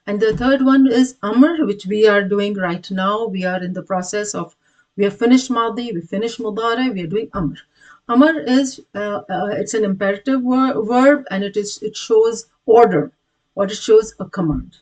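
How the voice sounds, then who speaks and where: A woman teaching a recorded grammar lesson, patiently repeating words aloud and calling out each drilled word louder with hand gestures. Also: medium pitch, normal speed, low-quality recording. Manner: patient, repetitive, many restarts. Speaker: Quranic Arabic teacher.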